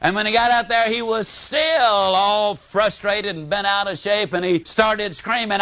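A man giving a motivational speech, telling folksy stories with dramatic swings in pitch and pace. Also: fairly even intonation, measured pace, few pauses, pushed and bright. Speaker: motivational speaker. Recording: dull lo-fi recording.

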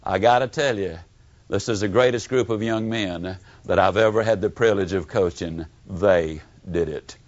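A man's voice: moderate pace, lightly acted. A man voicing a proud coach who earnestly praises his players. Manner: low, earnest. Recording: dull lo-fi recording.

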